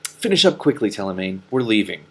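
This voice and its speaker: A man voicing a brisk, practical adult witch who talks in a crisp, no-nonsense way. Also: lowish voice, big pitch swings.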